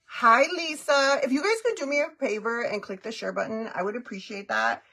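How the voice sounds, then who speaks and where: Gravelly-voiced chatty woman livestreaming. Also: fairly high pitch, very animated, fast, a bit bright. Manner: chatty, giggly, greets viewers by name; mixes Spanish phrases into English. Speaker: livestreaming makeup vlogger. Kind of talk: casual live-stream chat.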